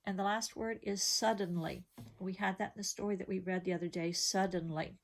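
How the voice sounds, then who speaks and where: A woman's voice: mid-range voice, steady tone, a little fast. A middle-aged woman teaching a vocabulary lesson to young children, patiently explaining each word with simple examples and questions.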